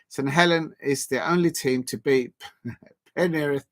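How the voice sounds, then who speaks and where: A man's voice: fairly high pitch, unhurried, a bit bright. A man chats casually on a livestream as its host. He teases, laughs often and repeats his lines for effect. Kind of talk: casual live-stream chat.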